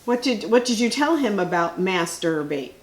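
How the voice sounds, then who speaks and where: A middle-aged woman co-hosting a relaxed chat, her voice at an everyday middle pitch. She keeps the conversation moving, asking questions and agreeing often. An echoey room surrounds her. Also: moderate pace, a crowd in the background. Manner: chatty, steers the conversation. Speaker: podcast co-host. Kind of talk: casual chat.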